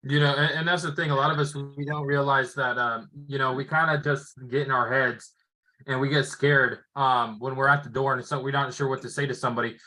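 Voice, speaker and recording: A man coaching door-to-door sales through role-play, talking in an energetic, upbeat salesy way. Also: mid-range voice, brisk, low-quality recording.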